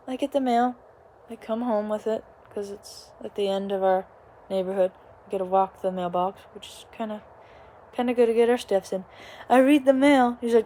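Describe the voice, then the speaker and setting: A woman's voice: a little high, steady tone, normal speed, darkish tone. Young woman vlogger, rambling casual storyteller with many asides, recorded at home. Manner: chatty, rambling, many asides and quoted voices. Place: small home, living room.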